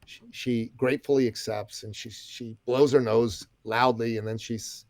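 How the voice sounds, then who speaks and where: A man's voice: mid-range voice, steady tone, measured pace, no echo, studio quality. A middle-aged man guesting on a podcast, telling a story with energy, emphasis and folksy asides. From Iranian background. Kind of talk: animated storytelling.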